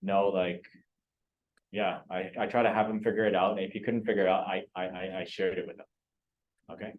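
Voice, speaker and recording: A man's voice: low voice, little pitch movement, brisk, highs cut off. A man leading a real estate training class, quizzing students and coaxing answers. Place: training room.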